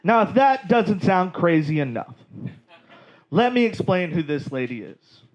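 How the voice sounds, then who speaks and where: Brief: high-voiced male comic from Georgia, lively and wry, stage mic. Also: measured pace, rough recording. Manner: animated, wry, profane storytelling. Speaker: stand-up comedian. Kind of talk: stand-up storytelling. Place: comedy club stage.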